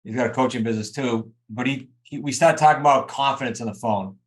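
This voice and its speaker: A man's voice: mid-range voice, fast. A man coaching a group over a video call, talking emphatically and straight to his students. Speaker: real estate coach.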